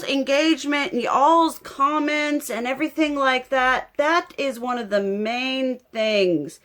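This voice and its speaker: A woman's voice: high voice, takes it slowly, hardly any pauses, a bit bright. A young adult woman chatting casually to her viewers while doing her makeup, rambling and heartfelt and often emotional. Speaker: beauty vlogger. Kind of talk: casual get-ready-with-me chat.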